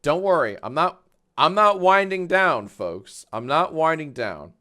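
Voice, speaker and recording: A man hosting a live stream, chatting casually and loudly, swearing, laughing and getting excited in bursts. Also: unhurried. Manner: excitable, loud, swears, laughs often, big swings in pitch and volume. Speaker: livestream host. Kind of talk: casual livestream chat.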